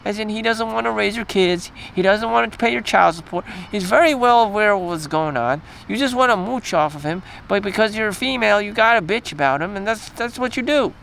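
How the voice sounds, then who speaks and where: A man with a strikingly high voice vents in a crude, agitated rant, circling back to the same points and cursing often. He is outdoors, with faint traffic noise behind him. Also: brisk, vocal fry, hardly any pauses, fairly bright tone. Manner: crude, repetitive, agitated rant with frequent swearing. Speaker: vlogger. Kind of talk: profane ranting monologue.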